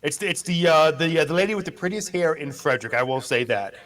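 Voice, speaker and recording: A man bantering on a live local morning show, joking at his own expense. His voice is high and bright for a man. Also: animated, quick pace. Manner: jokey, self-deprecating, laughs often. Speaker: news presenter.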